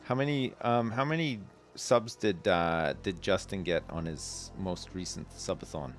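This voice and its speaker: Man, streamer, rambling gameplay chat, self-deprecating, fairly deep voice, soft music behind. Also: a little slow. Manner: rambling, self-deprecating, reads game text aloud. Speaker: livestream host. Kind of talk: casual gameplay commentary.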